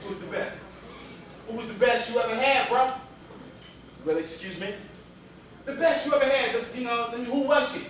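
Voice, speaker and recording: A man's voice: very high voice, fairly even intonation, a little fast, a bit bright, a little hiss or hum. A man telling a comic story in a live monologue, in casual, slangy speech with repeats. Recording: echoey hall from far off with audience.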